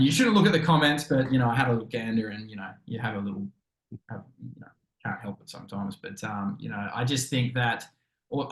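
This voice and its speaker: Chatty Australian man in an echoey room. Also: medium pitch. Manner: chatty, rambling, full of fillers and acted-out quotes. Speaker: actor and interview guest. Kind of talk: casual storytelling interview.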